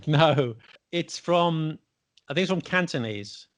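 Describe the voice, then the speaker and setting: A man's voice: fairly high pitch, lively intonation, slow. A man hosting a casual podcast chat, quizzing his guest on word origins with playful, teasing repeats. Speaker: podcast host.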